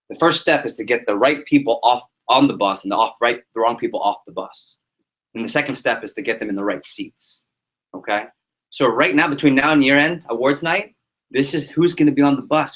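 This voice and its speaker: A man giving a motivational talk to his sales team as their liaison, animated and joking, acting out little scenes. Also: mid-range voice, slightly rough.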